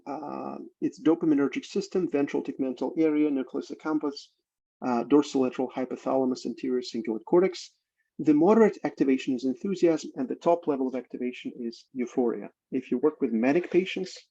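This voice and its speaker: A man's voice: mid-range voice, gravelly, dark tone, breathy edge. A man giving a seminar lecture as a clinical psychologist, explaining with everyday examples and checking in with "right?". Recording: muffled lo-fi recording.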